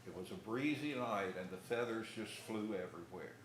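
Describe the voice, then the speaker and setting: A man's voice: on the low side, animated. Folksy preacher man in an echoey church. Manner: folksy storytelling with pauses and restarts. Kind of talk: sermon. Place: church hall. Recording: echoey room with faint noise.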